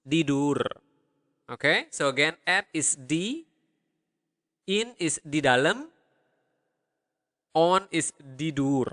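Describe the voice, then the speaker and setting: A man with a Balinese accent teaching a language lesson, patiently repeating words slowly for learners to copy. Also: a little high, expressive, fairly bright tone, big-room sound.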